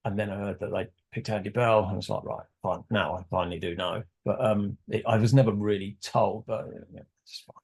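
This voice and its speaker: A man's voice: lowish voice, steady tone, a little fast, hardly any pauses, a little mellow, breathy edge. A man as a podcast guest, casually telling a rambling story and acting out quoted dialogue.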